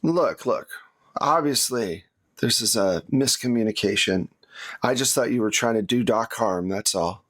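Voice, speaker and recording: A huge scarred brute with a deep, low voice, as a man puts him on. He asks short, blunt questions and gets straight to the point. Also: lively intonation, unhurried, fairly bright tone. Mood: gruff. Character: huge tall scarred man, gruff and protective.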